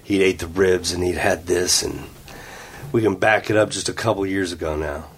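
Animated storytelling man, low voice. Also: normal speed, husky. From Ohio, USA. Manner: animated, acts out quotes. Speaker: guest. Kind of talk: casual storytelling. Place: office conference room.

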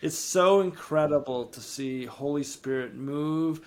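A man, podcast co-host and ministry founder, telling a faith testimony with lively rises in energy and frequent word repeats. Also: a little slow. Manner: animated, rises in pitch and energy when excited; repeats words and restarts sentences. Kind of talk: storytelling testimony in an interview.

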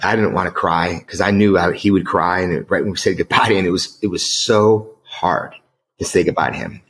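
A man's voice: sits low, a little fast, fairly bright tone. A middle-aged man from the United States telling a personal story as an interview guest, emotional, earnest and emphatic. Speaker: guest author.

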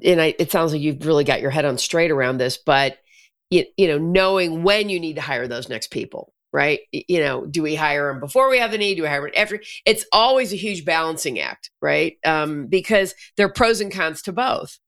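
Gravelly-voiced podcast host. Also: medium pitch, fairly quick, a bit bright. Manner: agreeable, frequent "right?" checks. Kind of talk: casual podcast interview.

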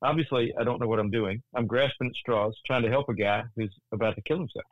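A man's voice: medium pitch, fast. A man in his sixties tells a story earnestly as an interview guest, stumbling and restarting his sentences and lifting his voice at the tense parts. The sound is dull and lo-fi, with no room echo. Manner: animated, many restarts, voice rising in tense moments. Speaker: guest, Christian author.

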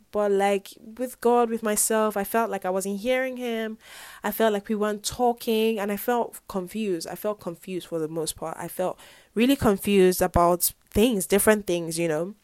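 A woman's voice: mid-range voice, darkish tone, no room sound. A young woman in her twenties, a university student, talking earnestly and reflectively about her faith in a casual vlog, rambling with lots of "like" and "whatnot". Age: young adult. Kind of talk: personal faith vlog, casual confessional talk.

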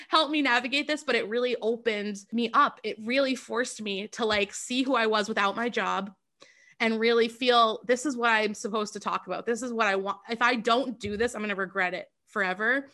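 A woman's voice: medium pitch, pushed and bright. A young woman, a podcast guest, talking openly and earnestly in a candid interview, with lots of "like". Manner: earnest and open, fills with "like".

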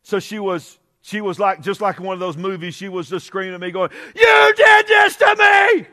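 A middle-aged male pastor preaching, swinging from conversational asides to shouted, drawn-out climaxes. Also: high voice, steady tone. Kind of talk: Pentecostal-style preaching. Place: church sanctuary.

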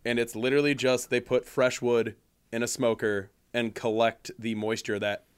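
A man's voice: medium pitch, level tone, normal speed, clear, resonant tone. A man from Michigan chatting with friends, telling stories and swearing freely. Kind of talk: casual group chat.

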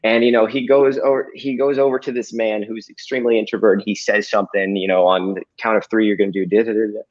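A man's voice: on the low side, fast talker. A man, a hypnotist guest, telling a story casually and animatedly, with lots of fillers and some swearing, over a video call. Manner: animated, profane, filler-heavy. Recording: dull lo-fi audio.

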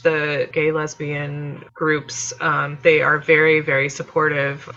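A woman chats casually on a podcast in a low but bright voice. She talks with plenty of fillers and laughs now and then. The audio sounds slightly muffled. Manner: chatty, laughing, many fillers. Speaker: podcast guest.

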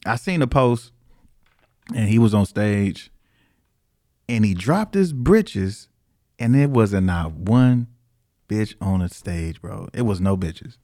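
A man co-hosting a podcast in casual banter, telling stories in an animated, incredulous way. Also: fairly low pitch, no room sound, studio quality. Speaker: guest co-host.

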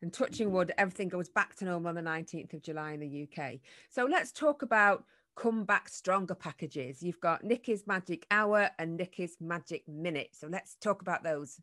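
A woman from the UK hosts a relaxed interview. Her voice is a touch lower than most. She keeps the talk moving with agreeable, encouraging remarks. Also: moderate pace, hardly any pauses. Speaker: host. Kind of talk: casual interview.

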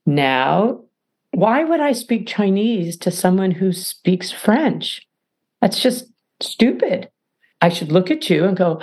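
A woman author as a podcast guest, talking in an emphatic, animated way and acting out little dialogues. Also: fairly low pitch. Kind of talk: podcast interview.

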